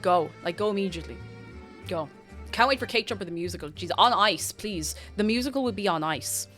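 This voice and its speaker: Young adult woman, streamer; casual, animated chat with wide pitch swings, some faint music in the background. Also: fairly quick. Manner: animated, self-interrupting, chatty with viewers. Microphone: desk microphone.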